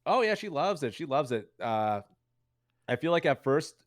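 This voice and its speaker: This young man's fairly high voice swings widely in pitch as he chats casually as a guest streamer in an interview. He talks fast, rambles, and uses plenty of fillers. The sound is clean studio audio with no echo.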